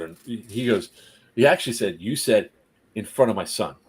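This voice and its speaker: Husky man telling a story, animated. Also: on the low side, a little fast. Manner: animated, laughs often, acts out the people in the story. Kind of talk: casual storytelling on a live stream.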